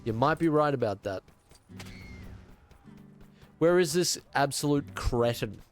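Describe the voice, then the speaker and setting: A man's voice: on the high side, expressive, slow, soft background music. A young man streaming a video game, congested from a cold, chatting casually to his viewers with sarcastic, mock-outraged asides. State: congested, sick. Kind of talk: casual gaming stream chat.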